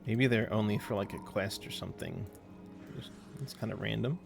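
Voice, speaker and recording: Over music, a man with a lowish, creaky voice talks at a moderate pace while streaming a game. He rambles casually with viewers, answering chat between game callouts in an easygoing manner.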